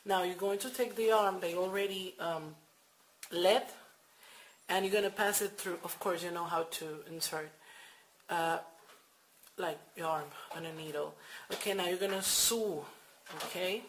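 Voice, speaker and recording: Woman, lowish voice, unhurried homemade crochet tutorial, faint noise behind. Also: steady tone, rough recording. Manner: hesitant, filler-heavy, repeats steps. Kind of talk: casual how-to demonstration. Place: home at night.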